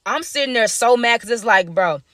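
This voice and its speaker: A young woman tells a storytime monologue in animated, slangy speech, leaning on dramatic repeats. Her voice sits a touch high and bright, and she talks very fast. The recording is dry and close. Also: no echo.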